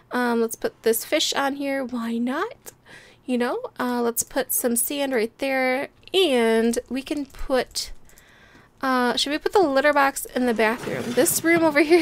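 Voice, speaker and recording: A young woman chatting playfully as she plays a building game and talks her viewers through it, laughing often. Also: sits high. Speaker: gameplay video host. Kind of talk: casual game commentary.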